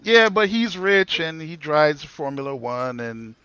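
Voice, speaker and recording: A man's voice: fairly high pitch, very animated, a little slow, bright, forceful tone, clean tone, no room sound, dull audio. A man joking and teasing friends on a group call. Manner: jokey, teasing. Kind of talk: casual group chat.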